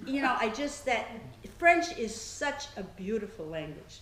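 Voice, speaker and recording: Slow-talking older woman telling stories. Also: a little high, sing-song. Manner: chatty, laughs often, warm anecdotes. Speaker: author giving a talk. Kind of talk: storytelling talk to an audience. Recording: echoey room with faint noise.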